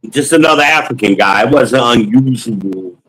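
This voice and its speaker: A man of ordinary pitch casually recounts an anecdote in a loose, slangy way. He pauses on ums and acts out both sides of the conversation. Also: expressive, a bit bright, breathy edge, low-quality recording. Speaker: storyteller.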